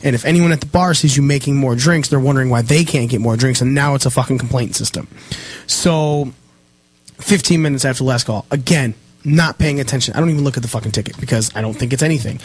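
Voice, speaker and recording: A man's voice: medium pitch, quick pace, slightly rough. A young man telling a heated, profanity-filled story on a casual podcast. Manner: heated, swears constantly, animated retelling.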